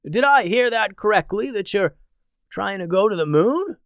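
A man's voice: high voice, expressive, moderate pace, fairly bright tone, no room sound, clean studio sound, voice pushed up. A man voicing a curious, knowing male scholar who speaks in an inquisitive way.

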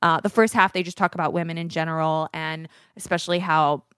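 A woman's voice: deep voice, steady tone, brisk, fairly bright tone, clean tone, dry recording, clean studio sound. A woman in her thirties, a podcast co-host, telling a long personal story in casual chat, full of fillers and acted-out quotes.

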